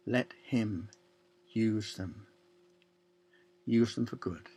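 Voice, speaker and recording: A man preaching a sermon, slow and deliberate, with long pauses and quiet drops to a near-whisper. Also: mid-range voice, breathy edge. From Ireland.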